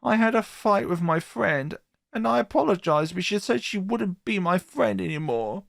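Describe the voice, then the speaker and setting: Man putting on a crying lonely schoolgirl, high plaintive voice, horror game flashback. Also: animated, normal speed, gravelly, no room sound, studio quality. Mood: tearful.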